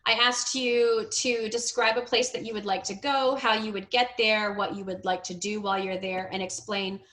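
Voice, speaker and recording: Bright-voiced encouraging woman teacher. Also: medium pitch, flat delivery, moderate pace. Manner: encouraging, laughs often, corrects gently. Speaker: English speaking teacher. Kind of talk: one-on-one pronunciation and grammar coaching.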